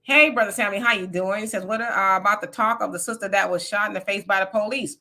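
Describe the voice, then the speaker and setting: A woman's voice: medium pitch, quick pace, sharp tone. A woman from California giving blunt, colloquial political commentary on a casual live stream.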